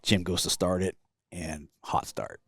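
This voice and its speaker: A man, an award-winning helicopter pilot, telling a rescue story in a casual, animated way, laughing often and acting out what people said. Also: sits low, a little slow, vocal fry, no echo, clean studio sound. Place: convention floor.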